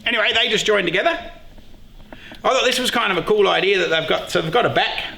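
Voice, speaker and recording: A middle-aged man hosting a casual beekeeping vlog, joking excitedly and swearing freely. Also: high-pitched, quick pace, gravelly. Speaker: beekeeper and show host. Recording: echoey room with loud background noise.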